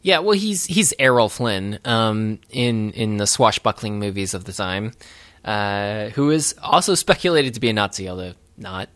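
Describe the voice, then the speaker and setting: A man's voice: lowish voice, animated, normal speed, a bit bright. A man co-hosting a casual podcast, recapping a film in a rambling, hesitant way with lots of fillers and dry sarcasm. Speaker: podcast co-host.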